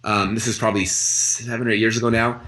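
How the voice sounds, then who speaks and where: A man's voice: on the low side, fast. A man being interviewed as an entrepreneur, telling a story casually and animatedly, acting out the quoted lines of other people and leaning on "like" as a filler. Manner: animated, acts out quoted dialogue in his stories; frequent "like" and "I'm like" fillers.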